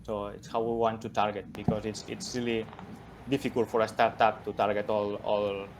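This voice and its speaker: A man answering judges' questions about his startup over a video call, halting and repeating words as he searches for them. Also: on the low side, flat delivery, noisy background. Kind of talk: Q&A after a pitch.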